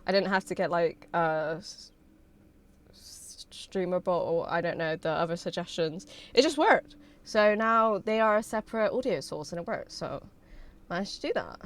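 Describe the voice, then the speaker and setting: A young woman, streaming and chatting with her viewers in an excitable, bubbly way and swearing freely. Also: lowish voice. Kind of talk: casual livestream chat with viewers.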